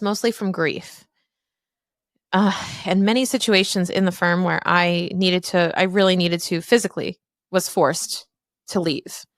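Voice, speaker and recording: A woman's voice: on the low side, fairly bright tone, smooth, no room sound, studio quality. A woman in her thirties hosting a podcast, telling a personal story candidly and emphatically, with casual swearing. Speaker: podcast host.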